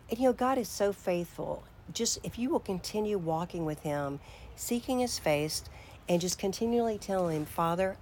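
A woman leading an informal devotional talk and guided prayer, speaking conversationally and reflectively, sometimes dropping to hushed tones. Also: lowish voice, a little hiss or hum.

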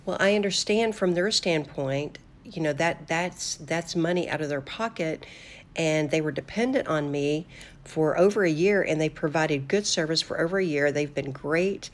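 Older woman, deep low voice, devotional talk host, earnest, chatty with restarts. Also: normal speed. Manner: earnest and conversational, with fillers and restarts. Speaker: host of a faith talk show.

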